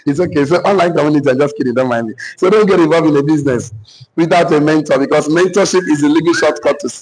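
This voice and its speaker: A man with a Nigerian accent giving a joking, animated motivational talk to an online business community as coach. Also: fairly high pitch, quick pace, low-quality recording. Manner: animated, joking, mixes Pidgin asides with laughter.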